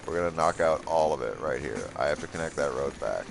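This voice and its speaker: A man's voice: very deep voice, expressive, fairly quick, creaky. A man streaming gameplay live and joking sarcastically with his chat while he builds.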